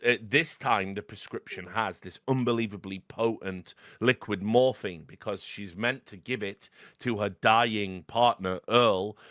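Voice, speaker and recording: A man hosting a podcast in casual chat, rambling and animated, swearing freely and laughing as he goes. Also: lowish voice, dry recording, clean studio sound. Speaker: podcast host.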